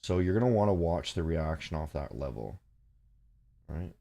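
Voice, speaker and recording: A man hosts a casual forex trading livestream, rambling and swearing as he reads charts, chats with viewers, and shoos his cat. His voice is a rumbling low with lively intonation, moderate pace, vocal fry and a warm tone.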